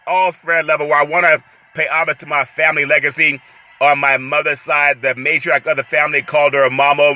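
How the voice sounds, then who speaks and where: A man's voice: fairly high pitch, rough recording. A man hosting a casual sports talk show, exuberant and hyped, calling on listeners for praise and laughing often. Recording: steady background noise.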